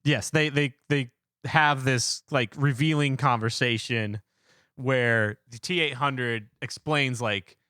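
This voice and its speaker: A man's voice: mid-range voice, slow, bright, forceful tone, clean tone, no echo, clean studio sound. A man co-hosting a casual podcast in a laid-back way, laughing often between his points. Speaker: podcast co-host.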